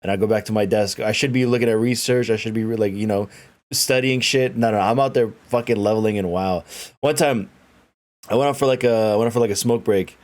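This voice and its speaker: A man's voice: on the low side, steady tone, a little fast, a little mellow. A young man guest on a podcast, telling a rambling story with many restarts and swearing. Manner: rambling, hesitant, swears often. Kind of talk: casual storytelling.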